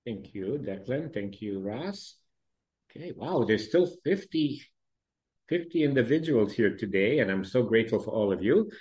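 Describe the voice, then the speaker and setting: A man chairing a recovery meeting over a video call, soft-spoken and gracious as he calls on each speaker. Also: medium pitch, animated, moderate pace.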